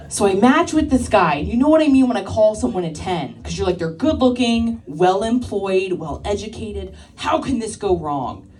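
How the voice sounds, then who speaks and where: On a club stage before a live audience, a comedian in her thirties trades crude, brash banter with the crowd amid plenty of laughter. Her medium-pitched voice is mellow and distant from the mic.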